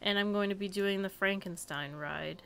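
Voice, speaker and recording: A woman's voice: mid-range voice, moderate pace, gravelly, fairly bright tone, clear, resonant tone. A young woman live-streaming a building game, chatting casually and giggling often.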